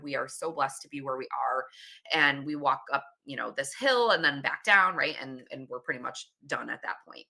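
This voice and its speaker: A woman's voice: low voice, pushed and bright. A woman in her late thirties, a podcast host, casually telling a candid story with laughs and swearing. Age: 30s.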